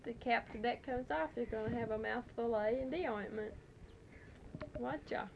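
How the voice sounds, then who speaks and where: High-pitched mother cooing to her baby on tape. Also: moderate pace, vocal fry. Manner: coaxing, playful sing-song, voicing the baby's words for it. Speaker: mother recording a tape for her away husband. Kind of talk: baby talk to an infant. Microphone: handheld tape recorder microphone. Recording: muffled home tape recording with hiss.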